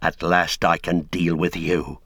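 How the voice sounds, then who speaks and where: A blunt, wary male hobbit servant speaks in a low, unhurried voice, as a man reads him in a storybook. His words are plain and scornful, delivered in a dry, close sound. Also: little pitch movement, a bit bright, dry recording, exaggerated voice. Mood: stern.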